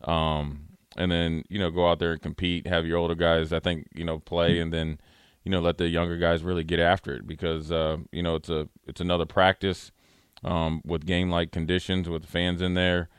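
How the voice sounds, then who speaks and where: A man's voice: low-pitched, level tone, moderate pace, smooth, no echo, clean studio sound. A man who once played the game, co-hosting a sports talk show in a rambling, filler-heavy way. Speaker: sports radio co-host, former player.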